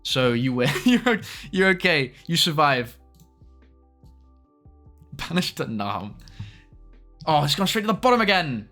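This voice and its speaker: A young man chatting casually on a live stream, with quick asides to his chat. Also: on the high side, big pitch swings, pushed and bright, faint music behind.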